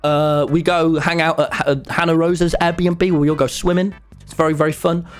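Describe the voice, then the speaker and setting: A man, telling a story to his live chat in an excitable, rambling way. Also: on the high side, normal speed, faint music behind. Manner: excitable and rambling, with many restarts. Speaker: streamer.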